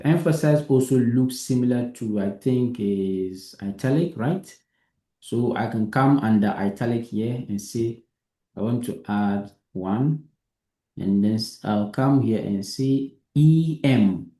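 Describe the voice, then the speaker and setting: A man's voice: mid-range voice, mellow, echoey room. A man teaching a live coding lesson, patient, who keeps asking if his student understands. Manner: patient, repeats himself and checks understanding.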